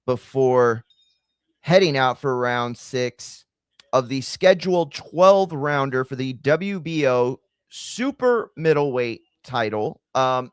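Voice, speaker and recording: A man's voice: medium pitch, expressive, slow, clear, resonant tone, no echo, studio quality. Slangy man streaming fight commentary. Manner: loose, slangy, chatty, addresses chat directly. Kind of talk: casual live-stream commentary.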